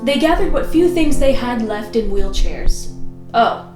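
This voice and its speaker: A woman's voice: a little high, expressive, unhurried, roomy sound, over music. A woman in her twenties reading her childhood story aloud, with giggly, self-mocking asides. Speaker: YouTuber.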